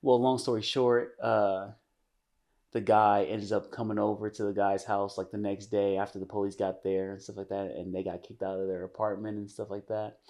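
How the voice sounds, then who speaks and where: A man's voice: lowish voice, level tone, normal speed, darkish tone. A man co-hosting a podcast, retelling a story in casual chat with many restarts. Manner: rambling, many restarts, acts out quotes. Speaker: podcast co-host.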